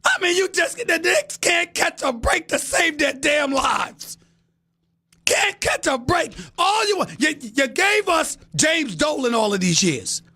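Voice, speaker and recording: A middle-aged man hosting a sports talk show in a studio booth, delivering an exasperated, shouting rant. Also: extremely high pitch, very animated, measured pace. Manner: loud, exasperated ranting, shouting often. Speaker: show host. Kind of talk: ranting sports talk monologue.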